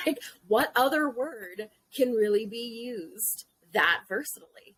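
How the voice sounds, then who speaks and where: A woman's voice: on the high side, expressive, a little slow, hardly any pauses, fairly bright tone, husky, no room sound, rough recording. A woman in her thirties hosting a casual podcast chat, bubbly and giggly, swearing playfully. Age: 30s. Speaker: podcast host.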